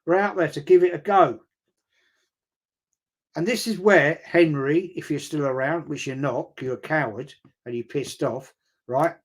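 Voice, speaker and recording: A middle-aged man chatting through a live football watch-along stream, rambling and excitable and swearing freely. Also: on the high side, a little slow, pauses often.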